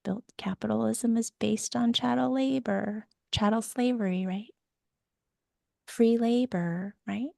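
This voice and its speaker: A woman coach talks at an unhurried pace, guiding with gentle probing questions. Her middle-pitched voice is recorded dry and close, with no room sound. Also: vocal fry, dry recording. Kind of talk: guided coaching session.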